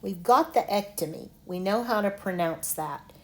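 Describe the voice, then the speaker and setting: A woman teaching an online lesson, slowly sounding out medical words syllable by syllable. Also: mid-range voice, darkish tone. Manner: slow, deliberate, sounds out syllables.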